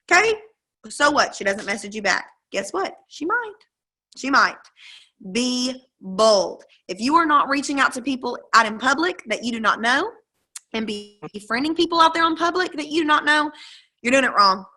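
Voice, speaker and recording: A woman's voice: high voice, sharp tone, rough recording. A woman, giving an emphatic, chatty coaching talk to her sales team over a video call. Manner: emphatic, chatty, acts out quoted dialogue. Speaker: direct-sales team leader.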